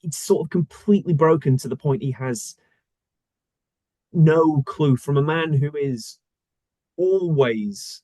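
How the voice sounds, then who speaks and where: A male voice actor talking casually in an interview, thoughtful and searching for words with many pauses. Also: a little high, dark tone, no room sound. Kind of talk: casual conversation.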